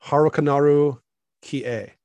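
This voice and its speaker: A man's voice: fairly high pitch, unhurried, a little mellow, no room sound, highs cut off. A man co-hosting a music show, talking casually and enthusiastically, rambling and laughing often. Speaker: radio show co-host.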